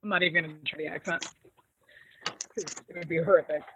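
A woman's voice: low-pitched, fairly even intonation, a little fast, a bit bright, slight background noise. A woman co-hosting a casual recap chat, talkative and laughing often, acting out quoted lines. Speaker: podcast co-host recapping a TV episode. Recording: tinny phone-like sound.

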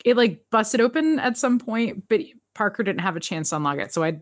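A woman co-hosting a podcast, recapping a TV episode in animated casual chat and laughing often. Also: medium pitch, brisk, no echo. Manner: animated, laughs often, jumps into quoted voices.

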